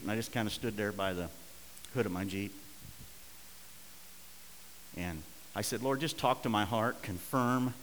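A middle-aged man preaching a sermon, telling a story and swinging between hushed and loud, urgent passages. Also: mid-range voice, big-room sound, a little hiss or hum, low-quality recording. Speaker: pastor.

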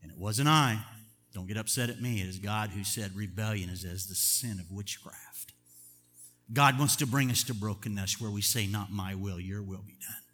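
An older man preaching a sermon as pastor, chatty and chuckling, moving between loud emphatic bursts and quiet asides. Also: lowish voice, moderate pace, long reverb tail, soft background music.

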